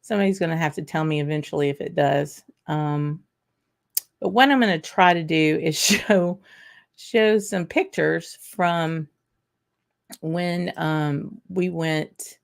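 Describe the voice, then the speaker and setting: A woman hosting a casual livestream, excitedly greeting viewers by name with lots of fillers. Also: low voice, takes it slowly, vocal fry, long pauses. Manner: excited, chatty, many fillers and laughs. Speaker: whisky channel host.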